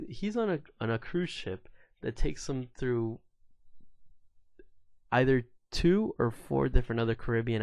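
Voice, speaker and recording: A man in his thirties tells stories on his own podcast in a low, unhurried voice. He talks loosely and swears freely, stopping often on fillers. The sound is dry and close to the mic. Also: no echo. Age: 30s. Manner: loose and profane, with many fillers. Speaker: podcast host. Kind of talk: casual solo storytelling rant.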